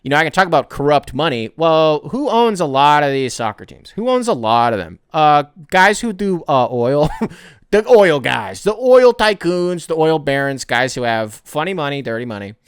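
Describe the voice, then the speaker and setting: A man hosts a casual sports podcast, his voice sitting a little high and coming through smooth and clear. He rants with heat, swears freely and keeps circling back to restart his thoughts. The sound is dry and close, with no room around it. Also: sing-song, moderate pace, no echo. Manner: heated, profane, rambling with restarts. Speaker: podcast host.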